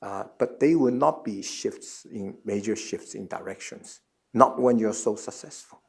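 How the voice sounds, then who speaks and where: A man in his seventies answering questions as a guest at a forum, earnest and halting, often repeating words before he finds the next phrase. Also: on the low side, creaky, breathy edge. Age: 70s. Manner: earnest, measured explanation. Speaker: guest speaker.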